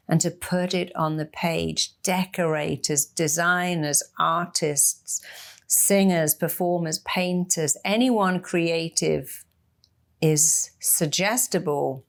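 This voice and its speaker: A woman hypnotherapist giving a motivational talk, expressive, acting out inner voices as she explains. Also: on the low side.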